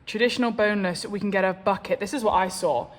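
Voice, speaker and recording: Filming herself on a handheld phone camera, a young swimmer vlogs from a competition, talking casually with giggly, hyper energy. She speaks quickly in a mid-range voice. Ambience and background noise from the indoor hotel and pool area come through.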